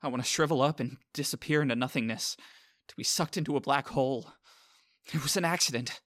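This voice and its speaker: A man's voice: medium pitch, steady tone, quick pace, no room sound, studio quality. A man giving scripted first-person narration as an earnest, self-conscious inner monologue.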